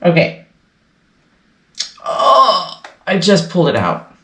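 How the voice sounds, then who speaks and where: A woman's voice: low-pitched, a little slow. A woman hosting a casual sew-along, chatting and thinking aloud as she works at her sewing machine. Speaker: sewing channel host. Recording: roomy echo, faint noise.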